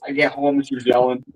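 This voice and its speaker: A man chatting casually on a livestream, relaxed and laughing, acting out quotes in a very high voice. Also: poor audio.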